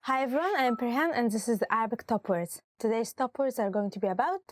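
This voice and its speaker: A woman who teaches language and hosts the show leads an upbeat, instructive vocabulary lesson, switching between Arabic and English. She says each word, repeats it, and gives its translation, talking fast in a somewhat high voice with no echo.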